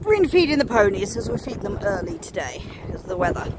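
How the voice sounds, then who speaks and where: Woman vlogging on her farm, teasing the animals, voice bouncing all over, loud wind hitting the mic. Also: mid-range voice, sing-song, quick pace. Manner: chatty, laughing, teasing the animals. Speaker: smallholder filming her animals. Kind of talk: casual vlog narration. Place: outdoors on a farm in a storm. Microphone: handheld camera. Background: strong wind noise.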